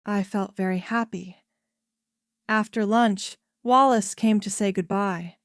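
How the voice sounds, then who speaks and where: Her voice is mid-range, clear, and crisp as a woman carefully reads a scripted story for language learners. She keeps a slow, even pace, and the recording is close and dry.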